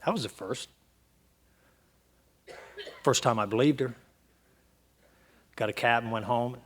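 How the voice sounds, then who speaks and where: A middle-aged man from Ohio speaking at a recovery meeting, telling his story in an animated way and acting out the dialogue in voices. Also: mid-range voice, a little slow. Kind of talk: storytelling talk to an audience.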